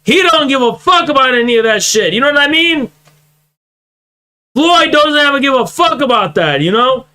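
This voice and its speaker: A high, bright-voiced young man does profane reaction commentary on his stream. He mocks what he hears and swears freely, his voice sharp and forceful as he works himself up. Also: lively intonation, normal speed, smooth. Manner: mocking, swearing, growing heated. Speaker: political streamer reacting to clips.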